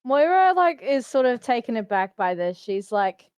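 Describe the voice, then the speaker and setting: A woman's voice: fairly high pitch, sing-song, normal speed, darkish tone, no echo. A woman player in a casual tabletop game, giggly and hesitant, often searching for words. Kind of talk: casual tabletop role-play.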